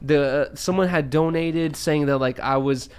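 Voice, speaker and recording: Co-host, man, Russian-born, American accent, rambling and defensive, slightly higher voice. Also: moderate pace, darkish tone, clean tone. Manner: rambling storyteller, emphatic and defensive when doubted. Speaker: podcast co-host. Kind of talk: casual podcast banter.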